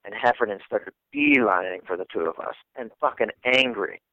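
A man, a guest comedian, telling a story in casual, animated talk, swearing freely and acting out the people in it. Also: lowish voice, fairly quick, no echo, phone-quality sound.

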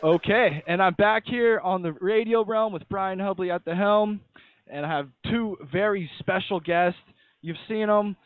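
Man, radio host, upbeat introduction, high voice, tinny phone-line sound, dry. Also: a little slow, smooth, dry recording.

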